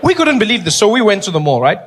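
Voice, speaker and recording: Animated high-voiced comedian. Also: male voice, racing. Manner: animated, laughing, plays voices. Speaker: stand-up comedian. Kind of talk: stand-up storytelling. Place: comedy stage with live audience. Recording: live stage recording with background noise.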